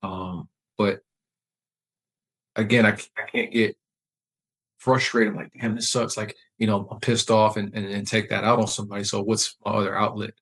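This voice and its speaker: A man and military veteran speaking candidly as a podcast guest, reflective and measured, often pausing with fillers and restarts. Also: on the low side, little pitch movement, a bit bright, husky, poor audio. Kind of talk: candid conversational interview.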